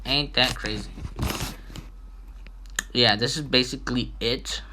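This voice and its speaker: A young man giving a casual, halting chemistry explainer as a student presenter, with fillers and restarts. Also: mid-range voice, steady tone, noisy background.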